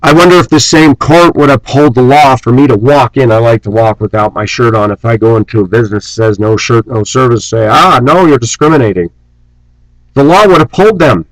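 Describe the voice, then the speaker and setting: A man's voice: lively intonation, fairly quick, few pauses, no room sound, rough recording. A man delivering an angry, preachy rant on his vlog, scornful and sarcastic. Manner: mocks opponents in shrill put-on voices. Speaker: vlogger.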